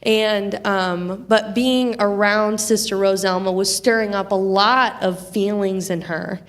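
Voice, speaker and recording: A woman, a youth ministry leader, telling a testimony story to a congregation in an animated way. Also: mid-range voice, takes it slowly. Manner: animated storyteller acting out quoted voices.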